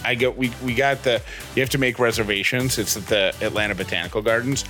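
A man's voice: medium pitch, fairly even intonation, fast talker, pushed and bright, soft background music. A man in his thirties co-hosting a podcast, chatting casually with goofy jokes and teasing. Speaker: podcast co-host. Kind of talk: casual chat.

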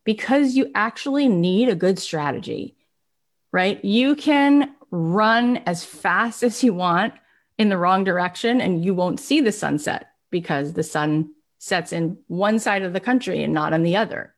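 A woman with a medium-pitched voice speaks directly to viewers in a live online session she's hosting. Her motivational message is energetic, delivered at a measured pace.

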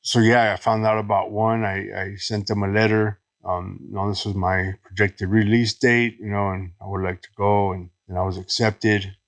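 Halting, low-voiced man from LA. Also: flat delivery, dry recording. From Los Angeles. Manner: halting, many restarts and "you know"s. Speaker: podcast guest. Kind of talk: candid recovery story.

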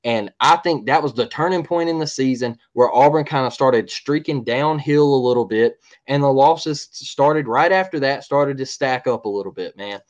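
A man's voice: mid-range voice, moderate pace, few pauses, muffled recording. A man co-hosting a sports podcast, ranting in a heated, repetitive way and often asking "all right?". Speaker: podcast co-host.

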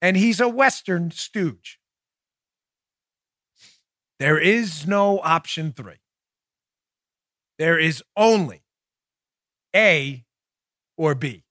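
Male podcast host, high bright tone, dry close mic, sarcastic and animated delivery. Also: drawn-out words, long pauses, no echo. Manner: mocking, animated, laughs at own jokes. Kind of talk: sarcastic political commentary.

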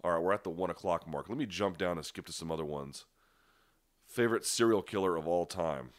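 A man's voice: low voice, brisk, no room sound. A man hosting a live chat, answering viewer questions in a conversational, emphatic way with restarts and a stuffy nose. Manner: conversational, frequent restarts and fillers, emphatic asides. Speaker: livestream host.

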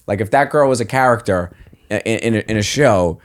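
Animated comedian. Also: male voice, on the low side. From Staten Island, New York. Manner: animated, swearing, does quick voices when quoting people. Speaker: comedian and podcast host. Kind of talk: casual chat.

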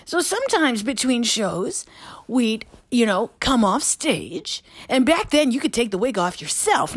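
High, swooping, hoarse old stage diva, impression by a woman, rambling and theatrical. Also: a bit bright, no echo. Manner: rambling, dramatic, drifts between topics, drops to a whisper. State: hoarse, tired. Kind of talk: comic voicemail impression. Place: lying in bed at home.

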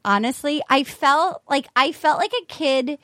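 A woman co-hosting a podcast in casual chat, telling stories with gushing excitement. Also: sits high, unhurried, no echo, studio quality. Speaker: podcast co-host.

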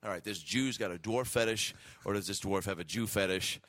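A man's voice: lowish voice, brisk, a bit bright, dry recording. A man co-hosting a comedy podcast, telling a crude travel story with laughs and swearing.

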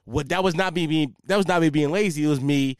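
A man's voice: a little high, fast talker, clean tone, dry recording, studio quality. A young man hosting a casual solo podcast, talking in a profane, rambling way and losing his train of thought. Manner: profane, rambling, loses track, animated storyteller. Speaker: podcast host.

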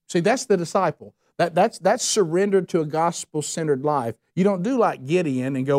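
A man's voice: a little high, fairly quick, hardly any pauses, a little mellow, no room sound, clean studio sound. A middle-aged man leading a men's Bible study, talking earnestly and animatedly, often restarting phrases and acting out the voices he quotes. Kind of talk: conversational Bible teaching.

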